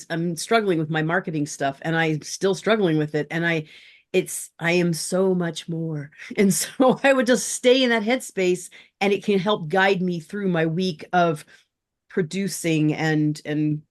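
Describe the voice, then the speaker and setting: Soft-spoken, halting woman in a coaching group. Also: low-pitched, fairly even intonation. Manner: halting, with hesitant restarts. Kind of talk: casual sharing in a group session.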